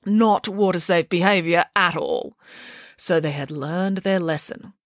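A woman's voice: lowish voice, unhurried, no echo, clean studio sound. A woman reading a children's storybook aloud, switching voices for each character. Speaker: audiobook narrator.

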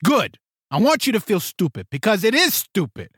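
A man's voice: high voice, huge pitch swings, normal speed, fairly bright tone, slightly rough, no echo, studio quality. Blunt, heated male podcast host. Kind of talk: acted couple skit with commentary.

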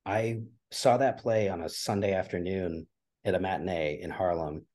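A man with a deep, slightly husky voice speaks as a podcast guest. He talks with earnest, emotional energy, his voice catching as he is choked up. His words tumble out with restarts as he tells a personal story. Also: fairly even intonation, moderate pace, a little mellow. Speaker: podcast guest, theater producer. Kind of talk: conversational interview.

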